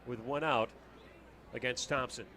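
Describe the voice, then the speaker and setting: Bright-voiced male baseball color commentator. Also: mid-range voice, fairly even intonation, measured pace. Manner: conversational, explains the plays.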